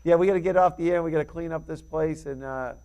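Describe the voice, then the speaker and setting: Quick-talking man hosting a local talk show. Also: on the high side, warm tone, dull audio. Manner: friendly, rambling, halting with fillers. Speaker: local cable show host. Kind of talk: casual interview chat.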